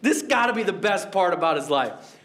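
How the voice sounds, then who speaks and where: A young man preaching in a casual, joking tone, often breaking into laughter at his own lines. His voice sits high for a man, and he keeps the sermon light and conversational. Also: a bit bright. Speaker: pastor.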